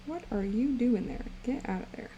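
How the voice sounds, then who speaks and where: A woman's voice: on the high side, animated, moderate pace, warm tone, dull audio, slight background noise. A young woman streaming live, chatting playfully and rambling to her viewers while she draws. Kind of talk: casual live-stream chat while drawing.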